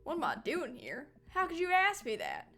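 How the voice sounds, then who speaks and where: A woman's voice: high-pitched, huge pitch swings, normal speed, vocal fry, pushed and bright, soft background music, voice pushed up, exaggerated voice. A woman voicing a cocky, sarcastic young male minister in a dating game. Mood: snarky. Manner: sarcastic, teasing.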